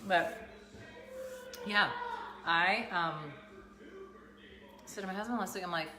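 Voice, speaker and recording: A woman's voice: lowish voice, slow pace, background noise. A woman, chatting casually to camera and rambling through everyday stories. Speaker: vlogger. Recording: echoey room with music playing.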